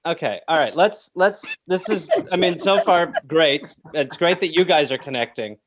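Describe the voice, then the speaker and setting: A man's voice: on the high side, expressive, moderate pace, background noise. A man hosting a comedy podcast, teasing his mother and guest in casual chat. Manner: teasing, playful. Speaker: podcast host.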